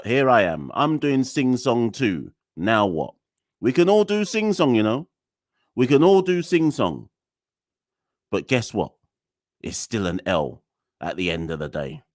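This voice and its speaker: A young man, speaking in a very low, deep register close to a dry, dead-sounding mic. He hosts a live solo podcast and rants in a weary, exasperated way, sighing and laughing wryly. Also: no echo. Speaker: podcast host.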